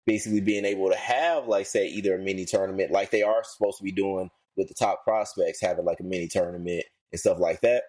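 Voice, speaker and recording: A man co-hosting a podcast, ranting in slangy casual talk, his voice climbing high when worked up. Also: fairly even intonation, fast talker, few pauses, darkish tone. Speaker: podcast co-host.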